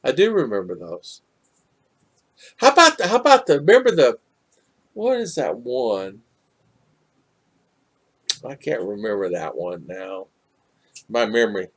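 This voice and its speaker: A man's voice: mid-range voice, animated, a little slow, long pauses, a bit bright. An older man from the United States hosting a casual live chat, reading viewer comments and rambling with many repeats and fillers.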